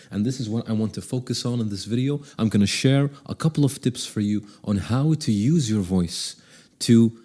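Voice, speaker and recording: A man's voice: fairly low pitch, mellow. A man giving tips on speaking with a confident voice, talking straight to the listener and often shifting his pace and volume to show what he means. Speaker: voice coach. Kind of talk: direct-to-camera vocal tips.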